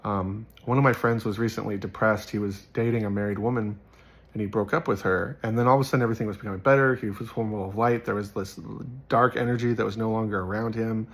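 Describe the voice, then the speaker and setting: A man's voice: fairly low pitch, fairly even intonation, fast. A man giving a casual Bible teaching, earnest and rambling, telling personal stories and repeating phrases for emphasis.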